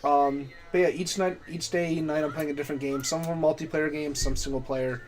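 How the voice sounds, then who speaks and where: A man with a fairly high, steady voice speaks briskly while running a tabletop game as game master on a live stream. He often restarts his sentences and cracks self-mocking jokes.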